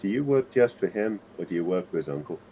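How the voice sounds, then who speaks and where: A man's voice: sits low, animated, quick pace, slight background noise. A man voicing a shrewd male interrogator, asking blunt, probing questions. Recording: dull lo-fi sound.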